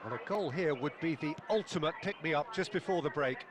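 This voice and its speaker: A man's voice: fairly high pitch, animated, a little fast, lightly acted. A man playing an adult male football play-by-play commentator in a video game, calling the match and rising on chances. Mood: commentating. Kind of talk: scripted sports commentary. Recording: game audio with noise behind.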